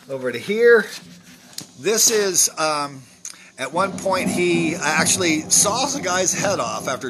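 A man's voice: mid-range voice, sharp tone, a little hiss or hum. Rambling man showing his painting. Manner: rambling, with lots of fillers and restarts. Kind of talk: casual walkthrough commentary.

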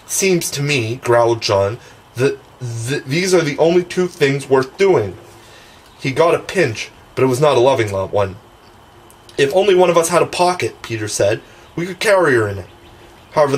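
A man's voice: medium pitch, breathy edge, low-quality recording. A man narrating a classic children's novel as an audiobook reader, with occasional stumbles and restarts.

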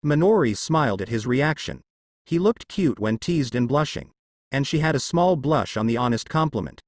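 A man narrating a fan fiction story aloud in a plain, steady reading voice with occasional misread words. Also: mid-range voice, moderate pace, no room sound.

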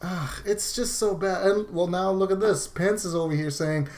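A vlogger in the middle of a rant, swearing freely and sounding fed up. The delivery lurches from loud outbursts to quiet muttering, with heavy sighs in between. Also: mid-range voice, moderate pace. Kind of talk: ranting vlog.

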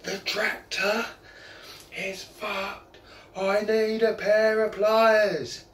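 A man voicing a frustrated farmer who bellows each word slowly, as if shouting across a field. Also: high-pitched, little pitch movement, pitched above the performer's own voice, heavily acted. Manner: drawn-out bellowing. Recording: echoey, from far off.

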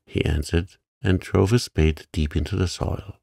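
Calm deep-voiced man reading a sleep story. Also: gravelly, slightly rough, dry recording, clean studio sound. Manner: calm, gentle, unhurried.

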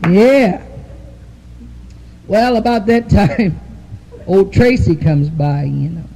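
A woman's voice: medium pitch, animated, takes it slowly, dark tone, slightly rough, poor audio. Brassy woman telling bawdy jokes. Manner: brassy, laughing through the punchlines. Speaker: stand-up comedian. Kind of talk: bawdy stand-up storytelling.

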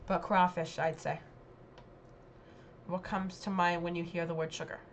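A young woman with a slightly low voice talks casually to camera, reading questions and thinking aloud. Her chat rambles and circles back to answers. A faint hum of background noise sits under the recording. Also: flat delivery, a little slow, lo-fi sound. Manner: chatty, thinking aloud, reads questions then muses. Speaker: vlogger. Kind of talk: casual quiz commentary.

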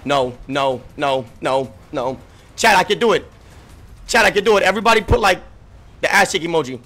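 A young man streaming a game, talking frantically and swearing, swinging from low muttering to yelling, and getting out of breath. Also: lively intonation, moderate pace. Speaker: gaming streamer. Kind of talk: frantic live gameplay commentary.

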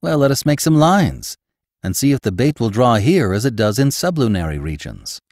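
A man voicing an excitable young nephew who asks rising, wondering questions. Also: medium pitch, moderate pace, dry recording, studio quality, voice pushed up. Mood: excited. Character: eager young male scientist's nephew, excitable.

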